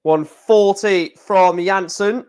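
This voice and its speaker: A man hosting a casual live darts watchalong stream. He calls out each score in quick, clipped bursts and slips in relaxed, chatty asides between throws. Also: sits high, clean tone. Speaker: stream host.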